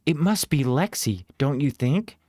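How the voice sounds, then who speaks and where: A man doing a high, cheerful young woman. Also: lively intonation, unhurried, darkish tone, no room sound, studio quality. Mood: worried. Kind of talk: storybook reading.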